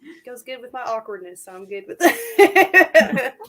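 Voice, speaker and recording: A woman co-hosting a casual cosplay chat, bubbly and quick to exclaim and laugh. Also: fairly high pitch, very animated, fairly bright tone. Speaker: cosplay podcast co-host.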